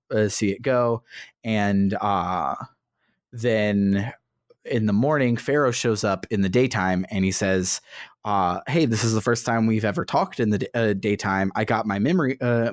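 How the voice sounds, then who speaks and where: A man's voice: fairly low pitch, dry recording, studio quality. A man co-hosting a podcast, recapping the plot in a rambling, casual way with many fillers and restarts. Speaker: podcast co-host. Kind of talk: casual game recap chat.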